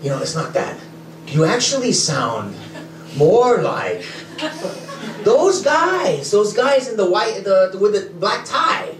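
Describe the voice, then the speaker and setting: Man doing a condescending taxi driver, lecturing, fairly high voice, roomy and echoing. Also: big pitch swings, takes it slowly, faint music behind, exaggerated voice. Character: pushy, lecturing middle-aged male taxi driver. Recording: echoey and distant with loud ambient noise.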